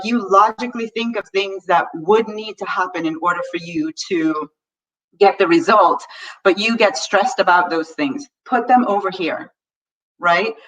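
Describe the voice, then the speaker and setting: A woman's voice: medium pitch, fairly bright tone, recorded from a distance, highs cut off. A woman coaching a live audience in a chatty, upbeat way, talking straight to her listeners. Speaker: money mindset coach. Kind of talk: live teaching session to an audience.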